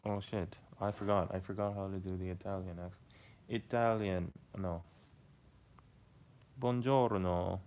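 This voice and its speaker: A live streamer casually reads chat and talks to his viewers, rambling, hesitant, and swearing now and then. His low, darkish voice is flat in delivery and fast, with few pauses.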